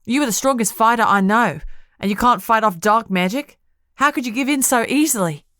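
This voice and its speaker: A woman's voice: mid-range voice, normal speed, no room sound, studio quality, close to an everyday voice. A woman voicing a fierce young woman friend who talks bluntly and sharply. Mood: scolding. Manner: sharp, scolding, then firmly caring.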